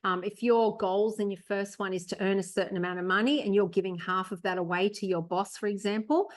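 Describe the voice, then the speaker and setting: Woman host, mid-pitched, chatty and encouraging, casual advice talk. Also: a little fast. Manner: encouraging, rambling with many "you know"s. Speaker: podcast host, real estate agent. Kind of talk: casual chat.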